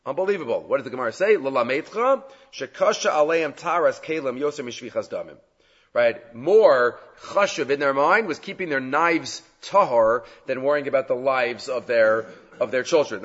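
A man teaching a Talmud class, asking rhetorical questions and retelling stories with animated emphasis. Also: medium pitch, husky. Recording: dull lo-fi recording.

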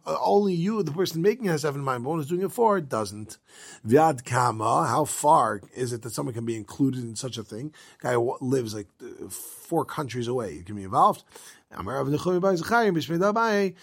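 A man's voice: a little high, moderate pace, creaky. A man giving a casual Talmud lesson, reading Aramaic lines and explaining them in everyday English, acting out the speakers he quotes. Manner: lively, acts out quoted speakers. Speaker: Talmud teacher.

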